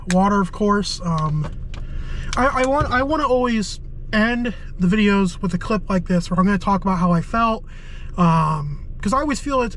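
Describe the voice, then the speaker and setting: This high-pitched, slightly bright male voice comes through a poor recording with a bit of background noise. A volunteer firefighter, he rambles to his vlog audience with lots of filler words, winded and unwell. The talk begins outside during a march and moves to his parked car.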